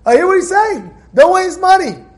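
A man's voice: very high voice, sing-song, normal speed. A man giving an informal Torah lesson, telling stories animatedly with repeated phrases and acted-out dialogue.

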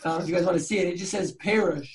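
A man's voice: high voice, rapid-fire, slight background noise. A man hosting a podcast, teaching Torah sources in a chatty, slangy way with many fillers and restarts. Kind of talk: casual learning chat.

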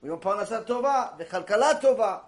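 Animated man giving a mussar lecture. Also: high-pitched, brisk. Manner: animated storytelling with Hebrew terms, repeats phrases. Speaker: Torah teacher.

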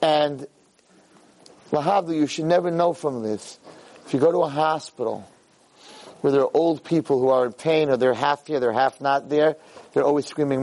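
A man in his fifties lecturing on Jewish ethics with a fairly high voice. He talks in a lively, repetitive way, dipping low for asides and shooting up high for shouted quotes, and drops Hebrew and Yiddish words along the way. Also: normal speed, poor audio. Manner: uses Yiddish and Hebrew terms, repeats phrases for emphasis. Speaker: rabbi lecturer. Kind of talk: Jewish ethics talk to a live audience.

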